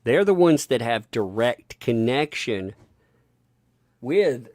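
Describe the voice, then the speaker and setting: A man's voice: medium pitch, sing-song, takes it slowly, a little mellow, no echo. A man hosting a commentary channel from his home, emphatic and rambling with frequent restarts. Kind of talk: opinionated commentary vlog. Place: home with a basement.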